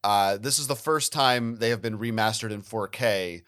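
A man's voice: fairly low pitch, normal speed, a bit bright, clean tone, dry recording, studio quality. Rambling, joking male podcast co-host. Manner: joking, rambling, laughs often. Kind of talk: casual chat. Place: New Jersey.

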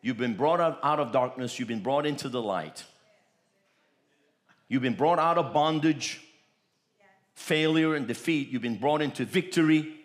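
A man's voice: mid-range voice, normal speed, long pauses. A man preaching a sermon, with emphatic, repetitive declarations that rise in bursts.

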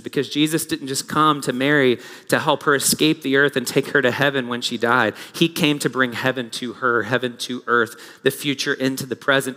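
Bright-voiced pastor preaching in a reverberant hall. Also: male voice, mid-range voice. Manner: swings from hushed reflective passages to rising, urgent exhortation. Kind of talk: sermon. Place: church sanctuary. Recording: long reverb of a large hall.

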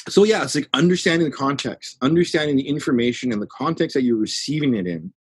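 Husky man telling stories animatedly. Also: mid-range voice, quick pace, no room sound. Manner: animated storytelling, acts out dialogue with voices. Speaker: martial arts teacher. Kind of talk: casual chat.

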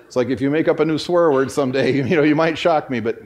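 A man's voice: on the high side, fast, a little mellow. Male pastor, middle-aged, folksy storyteller, rambling with restarts, church sermon. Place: church sanctuary.

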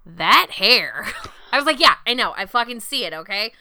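A young adult woman co-hosting a casual chat podcast, telling animated, profane stories and acting out what others said. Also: on the high side, fast, clean tone, no echo. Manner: profane, animated storytelling with quoted voices. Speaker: podcast co-host.

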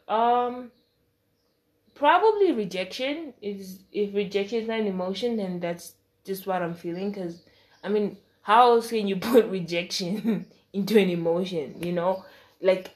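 Young woman telling an animated story. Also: reverberant. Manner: animated, exasperated retelling with quoted dialogue; frequent fillers, trails off into soft low asides. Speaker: storytime vlogger. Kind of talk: casual storytelling.

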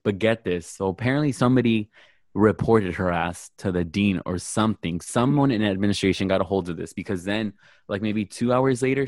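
A man's voice: low-pitched, no echo, clean studio sound. A young man co-hosting a casual podcast, telling a story with lots of profanity and acting out the people he quotes. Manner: animated, profane, acts out quotes. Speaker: podcast co-host.

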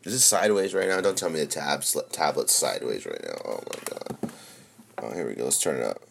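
Deep-voiced, foul-mouthed young man. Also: a little fast, gravelly, background noise. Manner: excitable, swears constantly, swings from mumbling to shouting. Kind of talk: casual profane livestream chatter.

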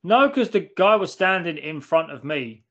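A man's voice: fairly high pitch, sing-song, moderate pace, sharp tone. A man in casual podcast banter, blunt and sweary, often repeating himself. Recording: slightly dull lo-fi audio.

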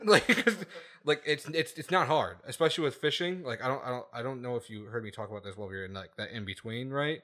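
A man's voice: mid-range voice, quick pace, sharp tone. A man hosting a casual podcast, ranting emphatically with lots of swearing and repeated "okay?" checks. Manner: profane, laughs at his own points.

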